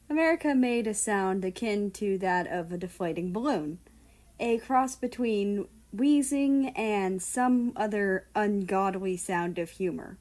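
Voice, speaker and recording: A woman reading fan fiction aloud as an audiobook, in a calm, measured narration. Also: medium pitch. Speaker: audiobook reader.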